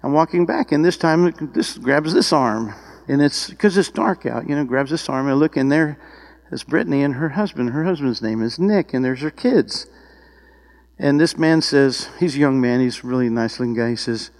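A man preaching a sermon, telling a personal story with rising emotion and excited exclamations. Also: medium pitch, moderate pace, rough recording. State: tearful at times.

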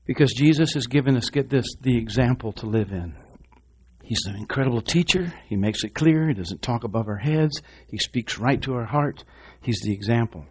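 A middle-aged man preaching a sermon in a church, asking the congregation questions and moving between loud rousing lines and quiet low ones. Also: lively intonation, moderate pace, slightly rough. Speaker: pastor.

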